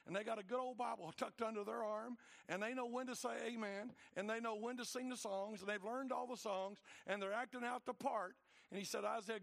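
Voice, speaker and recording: A man preaching a sermon, swinging between loud, fired-up passages and low, quiet asides. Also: creaky. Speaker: pastor.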